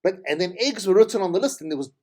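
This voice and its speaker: A man's voice: high voice, animated, racing, darkish tone. A middle-aged man with a South African accent, telling rambling, tangential stories as a podcast host. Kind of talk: casual monologue.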